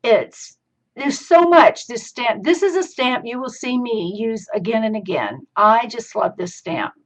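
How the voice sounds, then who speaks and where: A woman's voice: a little high, animated, measured pace. Chatty Southern woman demonstrating crafts. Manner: chatty, folksy, easily laughing. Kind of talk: live-streamed craft tutorial. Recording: dull lo-fi stream audio.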